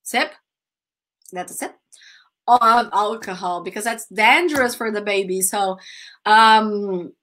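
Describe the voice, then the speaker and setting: A woman's voice: medium pitch, takes it slowly, long pauses, a bit bright. A woman whose first language is Portuguese, teaching a live online English grammar lesson in a chatty, repetitive way and often calling her students "guys.".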